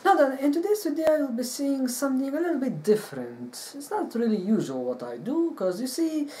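A man hosting a casual chat, opening with a lively, playful intro and then asking teasing questions. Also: very high voice, fairly quick, slightly rough. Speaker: host.

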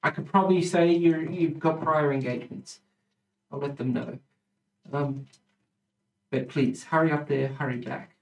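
A man narrating as the dungeon master in a tabletop game, chatty and hesitant, with quick asides. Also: fairly high pitch, fairly even intonation, creaky. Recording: roomy room, distant mic, music underneath.

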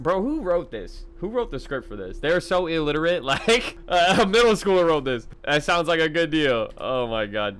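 A young man doing gaming commentary to his chat, loud, excitable, slangy and quick to laugh. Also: fairly high pitch, clean tone. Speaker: gaming YouTuber. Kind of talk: let's-play commentary.

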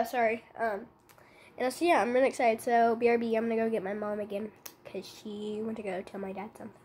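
Brief: young female vlogger, slightly high voice, stuffy nose, rambling chatty delivery, faint background hiss. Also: steady tone, a little fast. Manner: chatty, rambling, many fillers. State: stuffed up with a cold. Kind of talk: casual vlog chat. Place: bedroom at home.

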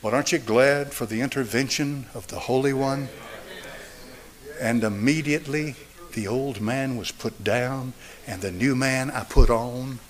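A man in his seventies preaching a sermon and altar call, driving points home through repetition and swinging between raised and hushed delivery. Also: medium pitch, a little slow. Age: 70s. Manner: emphatic, repetitive preaching cadence. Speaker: pastor.

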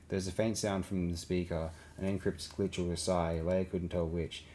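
A man narrating an audiobook in a steady, even reading voice. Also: deep voice, moderate pace, few pauses, slight background noise. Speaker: audiobook reader.

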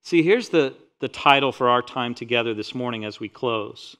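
A man preaching a sermon as pastor, reading scripture with rising force and dropping into quiet, personal asides. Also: mid-range voice, normal speed, few pauses. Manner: animated preaching, swells loud on scripture quotes; drops to quiet, intimate asides.

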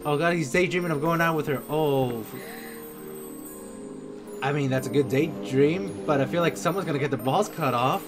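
A reaction video host giving casual commentary, excitable and quick to exclaim and gasp. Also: medium pitch. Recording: clear background music. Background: clear background music.

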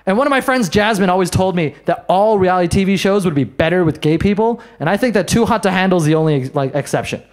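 High-voiced brash stand-up comic man. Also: expressive. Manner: brash and self-mocking, quick asides to the crowd. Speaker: stand-up comedian. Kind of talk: stand-up set. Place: comedy bar in front of a live audience.

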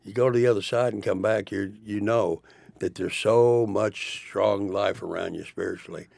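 An older man talks in a low, gravelly voice, rambling and emphatic as a studio guest. The sound is dry and close. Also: fairly even intonation, normal speed, darkish tone, no echo. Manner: rambling, emphatic, spiritual musings. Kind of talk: rambling studio interview talk. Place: radio studio.

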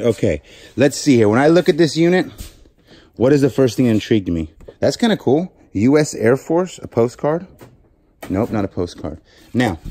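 Chatty, joking man hosting a vlog. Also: mid-range voice. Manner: chatty, jokey, thinking out loud. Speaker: vlog host unboxing a storage unit. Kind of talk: casual chat to camera. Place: inside a storage unit.

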